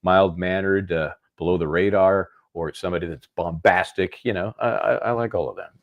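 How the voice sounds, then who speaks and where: A man lawyer co-hosting a legal commentary show, measured and wry with dry humor. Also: low voice, no echo, lo-fi sound. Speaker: lawyer and co-host. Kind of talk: casual legal commentary chat.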